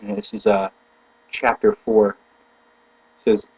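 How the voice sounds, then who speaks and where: Husky-voiced man musing aloud, lo-fi. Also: medium pitch, sing-song, a little mellow, no echo. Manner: halting, searching for words mid-sentence; slow, deliberate emphasis when reading passages. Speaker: video blogger reading philosophy aloud. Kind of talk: reading aloud then thinking out loud. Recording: dull, lo-fi home recording with mains hum.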